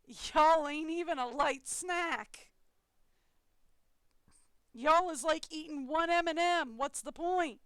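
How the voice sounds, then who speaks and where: A woman's voice: high-pitched, takes it slowly, long pauses, dry recording, voice pushed up. A woman voicing an unimpressed T-Rex who talks in dismissive, drawling slang.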